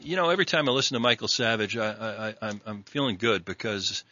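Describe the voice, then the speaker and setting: A man's voice: lowish voice, bright, forceful tone, lo-fi sound, faint music behind. A man from New York hosting a radio talk show, chatting with a guest and stumbling through lots of fillers and restarts. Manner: halting, many fillers and restarts. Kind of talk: casual radio interview.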